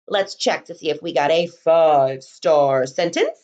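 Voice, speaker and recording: A young woman teaching kindergarten remotely from home, speaking in a slow, encouraging, sing-song teacher voice and sounding words out. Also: low-pitched, darkish tone. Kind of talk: remote lesson for young children. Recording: dull lo-fi recording.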